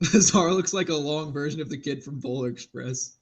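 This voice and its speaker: A man's voice: on the high side, unhurried. A man co-hosting a casual sports watch-party podcast, joking around and telling stories with frequent laughs. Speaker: podcast co-host.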